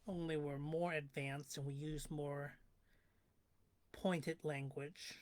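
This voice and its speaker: A woman speaks in an unhurried, reflective monologue, as if working out her thoughts live for her viewers. Her voice sits low for a woman, and she often lets it fall to a soft whisper. The delivery stays calm and slow throughout. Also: dry recording. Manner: slow, musing, drifts into whispers. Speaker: livestreamer.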